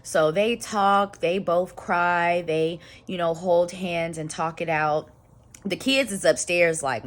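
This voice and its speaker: A woman's voice: on the low side, measured pace. Chatty woman recapping a show. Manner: chatty, loose slangy storytelling with frequent asides. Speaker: channel host reviewing a reality show. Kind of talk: casual recap chat.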